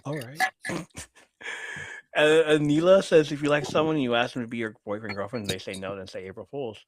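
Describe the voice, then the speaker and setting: A man's voice: medium pitch, fairly even intonation, brisk, background noise. A man hosting a live podcast, casually reading viewer messages aloud and laughing often. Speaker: podcast host reading chat. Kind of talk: casual live-stream chat.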